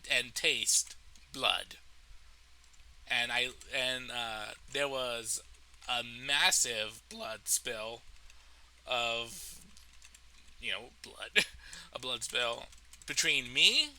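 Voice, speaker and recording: A man telling a story from his life in a casual storytime monologue, animated and profane, laughing at his own tale. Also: mid-range voice, low-quality recording. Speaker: storytelling vlogger.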